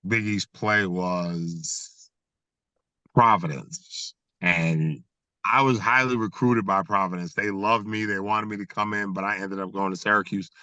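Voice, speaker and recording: Bright-voiced middle-aged man telling stories. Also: lowish voice, dry recording. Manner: animated storyteller who laughs between anecdotes. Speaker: guest, former college basketball player. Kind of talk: casual podcast interview. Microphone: video call.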